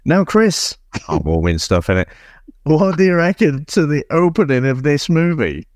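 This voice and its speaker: A man's voice: on the high side, big pitch swings, moderate pace, darkish tone, no echo, studio quality. A man co-hosting a podcast, reading a plot summary and teasing his co-host in casual chat. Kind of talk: casual film review chat.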